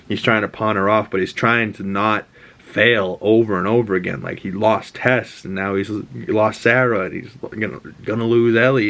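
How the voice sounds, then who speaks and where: Man, lowish voice, casual show recap, excited, rambling, lots of fillers.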